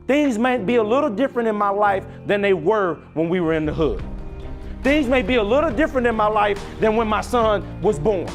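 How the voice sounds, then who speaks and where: A high-voiced man delivers a motivational keynote on a conference stage. His pitch swings widely as he moves from near-whispers to loud, preacher-like climaxes. Faint music runs underneath. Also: lively intonation, fairly quick. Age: young adult. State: choked up and crying at times. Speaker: motivational speaker.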